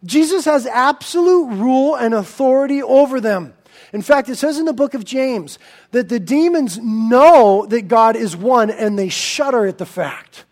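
A male pastor preaching a sermon in an animated, emphatic way, swinging between loud and soft. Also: extremely high pitch, a little slow.

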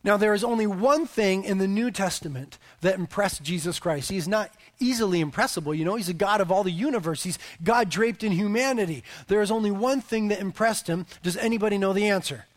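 A man in his thirties, a pastor preaching a sermon and telling family stories in an animated way, his voice swelling for emphasis. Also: high-pitched, fairly quick, hardly any pauses.

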